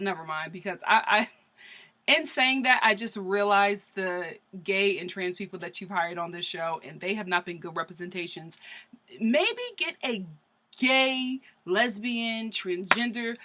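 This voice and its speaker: Sassy woman host doing a comedic reality tv recap, bright tone, lots of attitude. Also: a little high. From Philadelphia. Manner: sassy, opinionated, animated rants.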